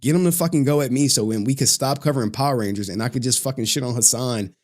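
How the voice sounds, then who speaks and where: A man's voice: medium pitch, fast talker. A man chatting casually on a live stream, loose and profane, laughing often and reading out chat messages.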